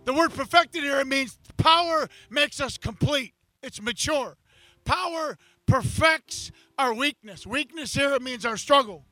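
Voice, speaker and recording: A man preaching a sermon at an outdoor beach service, impassioned, rising to shouts at the peaks. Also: very high-pitched, lively intonation, measured pace, no echo, faint music behind. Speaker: pastor.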